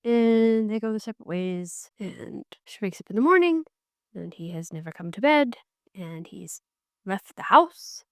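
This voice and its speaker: A woman hosting a book podcast, giving a casual, animated recap and slipping into characters' lines as she goes. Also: medium pitch, measured pace, no room sound, studio quality.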